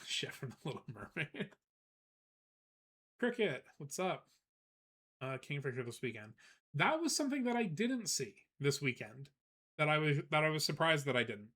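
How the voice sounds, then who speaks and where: A man streaming live, chatting casually and telling a rambling, animated story with frequent laughs, greeting viewers as he goes. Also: a little high, normal speed, pauses often, husky. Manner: greets chat viewers between anecdotes.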